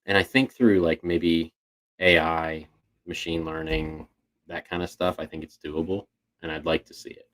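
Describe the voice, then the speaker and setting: Speaking at a moderate pace, a man with a low, fairly bright voice and fairly even intonation co-hosts a podcast. The conversation is casual, and he thinks aloud with many restarts.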